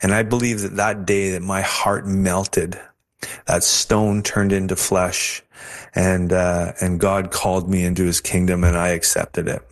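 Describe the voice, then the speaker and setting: A man, telling his personal testimony in an earnest, halting way as an interview guest. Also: low voice, little pitch movement.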